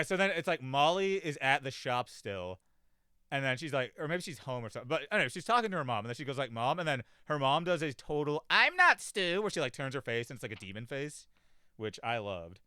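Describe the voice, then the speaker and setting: A man's voice: mid-range voice, lively intonation, brisk, pushed and bright, clear, resonant tone, no echo, studio quality. A young man rambling casually about a cartoon episode, filling his talk with "like", swearing and mimicking the characters. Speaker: podcast host reviewing a cartoon. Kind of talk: casual chat.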